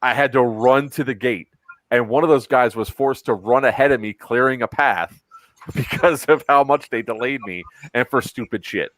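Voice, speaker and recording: A man's voice: medium pitch, moderate pace, fairly bright tone, dry recording. Profane storytelling man, dry close mic. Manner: profane, acts out other people's lines. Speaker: podcast host. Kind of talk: casual storytelling.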